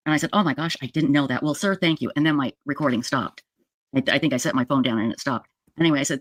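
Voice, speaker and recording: Animated woman retelling a story. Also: fast, no echo. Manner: animated, emphatic retelling with jumps up in pitch; addresses viewers directly with frequent "okay?". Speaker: true crime video commentator. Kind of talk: casual storytelling to viewers.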